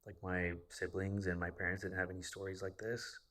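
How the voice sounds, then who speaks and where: A man's voice: low-pitched, flat delivery, brisk, bright, forceful tone. A man in his thirties telling a personal story casually, rambling and swearing freely. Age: 30s. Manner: profane, rambling.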